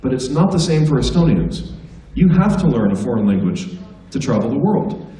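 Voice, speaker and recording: A man's voice: mid-range voice, sing-song, moderate pace, warm tone, reverberant, recorded from a distance, poor audio. An American man, a stand-up comedian, giving a casual, joking talk to students at a school assembly. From United States. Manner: joking, anecdotal, conversational. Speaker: guest speaker, stand-up comedian. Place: school hall.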